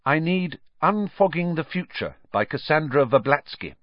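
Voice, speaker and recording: A man's voice: a little high, lively intonation, moderate pace, dry recording, muffled recording, voice pushed up, close to an everyday voice. A man voicing a polite teenage boy in a storybook reading.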